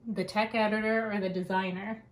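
A woman's voice: mid-range voice, flat delivery, a little fast. Chatty woman hosting a craft podcast. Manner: chatty, laughs often, wanders onto tangents. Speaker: podcast host. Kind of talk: casual chat.

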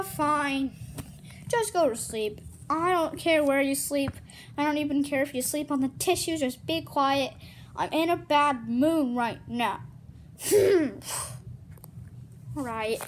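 Very high-pitched, excitable woman playing around. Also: a little hiss or hum. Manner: excitable, exclaiming, breaking into sing-song. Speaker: home movie maker voicing toy characters. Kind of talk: playful improvised toy-movie dialogue.

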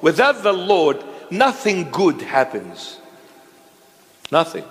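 Male preacher, high voice, slow and deliberate, emphatic call-and-response sermon, church with long reverb. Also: sing-song. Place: church hall.

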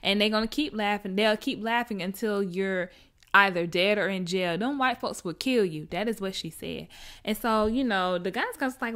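A young woman chatting casually through a TV episode recap, animated and acting out the characters' lines as she goes. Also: mid-range voice, moderate pace. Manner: animated storyteller who acts out character lines. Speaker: TV recap vlogger.

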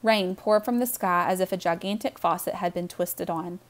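A woman reading a children's novel aloud with warm, expressive storytelling. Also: fairly low pitch, moderate pace. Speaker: audiobook reader.

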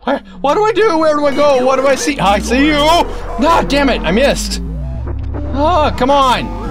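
A man playing a horror maze game, excitably chattering to the game's keys and locks with silly banter and sudden yelps. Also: very high voice, unhurried. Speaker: let's play gamer. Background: game music.

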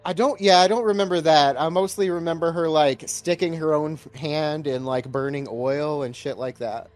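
A man's voice: on the high side, normal speed, soft background music. A man co-hosting a casual movie podcast, recapping scenes in a laid-back way with some swearing. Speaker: podcast co-host. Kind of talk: casual movie review chat.

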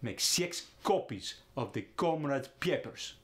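A man putting on a heavy Russian accent, repeating words and phrases slowly and deliberately. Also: mid-range voice, lively intonation, close to an everyday voice. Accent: put-on Russian accent. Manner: slow, deliberate, clipped repetition of words.

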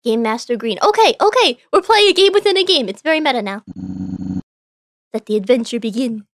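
A woman's voice: sits high, big pitch swings, a little fast, dry recording. A woman streaming a video game, chatting and reading in-game dialogue aloud in a bubbly, playful way. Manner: bubbly, reads in-game characters in playful voices. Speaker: VTuber streamer. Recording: faint game music behind.

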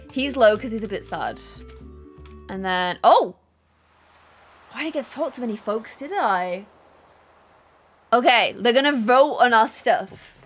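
A woman hosting a co-op gameplay video, bubbly and excitable, with lots of gasps. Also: on the high side, measured pace, long pauses, soft background music. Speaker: gaming channel host. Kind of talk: co-op let's play commentary.

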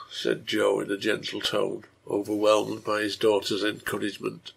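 Gravelly, husky male storyteller. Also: fairly low pitch, level tone, normal speed, hardly any pauses. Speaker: translator reading his own translation. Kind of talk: storybook narration.

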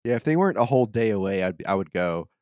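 A man's voice: on the low side, expressive, fast talker, darkish tone, no room sound, studio quality. A man co-hosting a casual podcast, rambling through anecdotes with crude jokes and laughing often. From United States. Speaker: podcast co-host.

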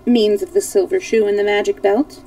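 A woman voicing a gracious, jovial male fox king who speaks in a courtly, flattering manner. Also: mid-range voice, a little fast, creaky, recorded from a distance, close to an everyday voice, low-quality recording.

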